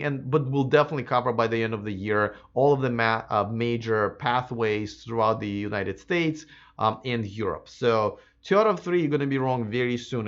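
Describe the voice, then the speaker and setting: A man hosting a live electric car stream, answering viewer comments in a casual, chatty way, slightly hoarse. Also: medium pitch, fairly bright tone, highs cut off. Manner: casual and chatty, many fillers and restarts. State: slightly hoarse, losing his voice.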